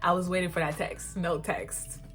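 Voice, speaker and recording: A woman's voice: on the low side, moderate pace, slightly rough. A woman in her twenties telling a casual storytime as a beauty vlogger, chatty and slangy, with lots of "like". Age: 20s. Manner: chatty, peppered with "like", slangy and animated.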